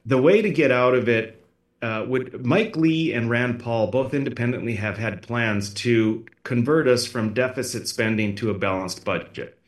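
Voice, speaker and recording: A man's voice: medium pitch, moderate pace, reverberant. A man as a political candidate guest in a podcast interview, talking emphatically and repeating words as he presses his points. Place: podcast studio.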